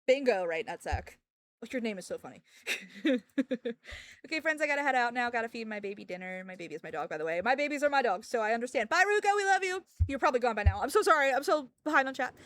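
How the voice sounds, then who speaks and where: A woman's voice: fairly high pitch, animated, quick pace, fairly bright tone. A woman streamer chatting casually with her viewers from home, venting her frustration, laughing often and swearing now and then.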